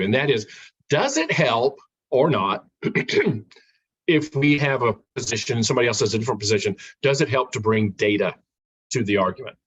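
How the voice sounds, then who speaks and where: A man co-hosts a casual podcast, teasing the others and putting questions to them. His voice is husky, at a middle pitch. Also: a bit bright, highs cut off. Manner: joking, teasing, asks questions. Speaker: podcast co-host. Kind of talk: casual chat.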